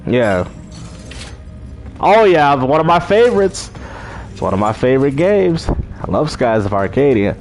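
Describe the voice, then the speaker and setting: A man's voice: mid-range voice, big pitch swings, measured pace, long pauses, a little mellow, a little hiss or hum. A man hosting a live stream, chatting in a laid-back way and laughing often. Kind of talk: casual livestream chat.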